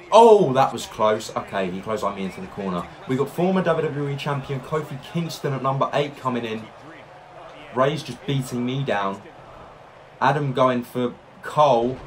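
A man giving excitable let's-play commentary, narrating each move and reacting loudly as he plays. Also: mid-range voice. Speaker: gaming YouTuber.

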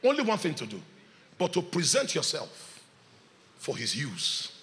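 A man, preaching a sermon as pastor, swinging between shouts and hushed lines. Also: fairly high pitch, wildly swooping pitch, a little slow, long reverb tail. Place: church hall.

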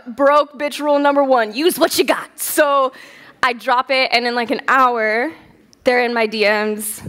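A woman's voice: a little high, a bit bright. Candid, profane young woman speaker. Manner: candid, profane, laughs often. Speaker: festival speaker. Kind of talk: casual stage talk, storytelling. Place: stage at a festival hall.

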